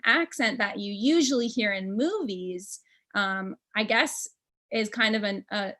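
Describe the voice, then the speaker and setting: A woman's voice: a little high, a bit bright. An American woman, an English teaching expert, talking casually on a panel and thinking aloud with frequent ums. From United States.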